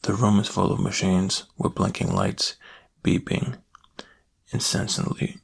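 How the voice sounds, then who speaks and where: A man giving a slow, hushed first-person reading of a creepy story in soft-spoken ASMR narration, close to the mic. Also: deep voice, fairly even intonation, creaky, slightly rough.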